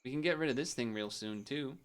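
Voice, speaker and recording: A man's voice: medium pitch, brisk, clean tone. A young man streaming a game, chatting casually and thinking aloud as he rambles and cuts himself off.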